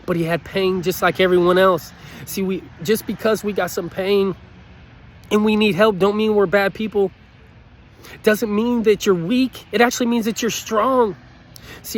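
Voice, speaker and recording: A motivational speaker with a high-pitched voice talks at a moderate pace in a steady tone. He pleads earnestly, going back over his points, his voice catching with emotion.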